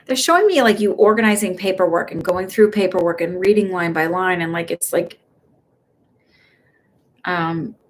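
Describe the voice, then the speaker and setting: A woman's voice: lowish voice, normal speed, long pauses. Chatty woman giving live psychic readings. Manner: chatty, hesitant, many fillers and restarts. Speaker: psychic medium host. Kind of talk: casual live-stream reading.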